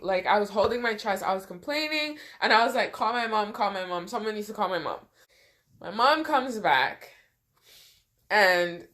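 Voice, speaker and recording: A woman's voice: mid-range voice, fairly bright tone. A woman in a casual storytime vlog, talking conversationally with many "you know" asides and sounding emotional, close to tears at times. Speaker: vlogger.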